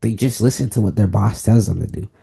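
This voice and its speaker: A man's voice: fairly low pitch, fast, vocal fry, mellow, slightly rough. A twenty-year-old man from the United States giving an emphatic sports opinion monologue, repeating key phrases for stress. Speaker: sports vlogger.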